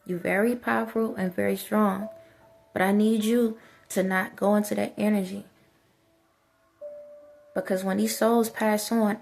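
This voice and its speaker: A woman's voice: mid-range voice, creaky, darkish tone. A woman vlogger giving an impassioned spiritual monologue, repeatedly soothing and urging an unseen listener.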